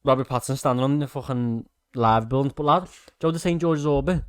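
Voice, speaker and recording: Excitable young Liverpool man, close and dry. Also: mid-range voice, fast, clean tone, dry recording. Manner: blunt, excitable, sweary banter. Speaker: podcast host. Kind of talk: casual chat.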